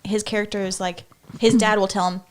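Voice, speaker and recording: A woman co-hosting a podcast, retelling a movie plot in an animated, casual way. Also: medium pitch, fairly quick. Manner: animated storytelling. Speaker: podcast co-host. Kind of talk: casual conversation.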